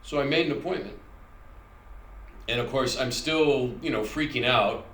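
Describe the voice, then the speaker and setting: A man's voice: medium pitch, moderate pace, a bit bright. Middle-aged man telling a story in a roomy space. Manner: conversational, rambling, self-correcting storyteller. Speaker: channel host. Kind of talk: personal storytelling monologue. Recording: echoey room recording with faint ambience.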